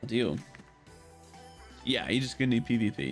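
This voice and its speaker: A man's voice: medium pitch, very animated, moderate pace, faint music behind. A young man rambling casually on a game live stream, greeting viewers by name as he plays.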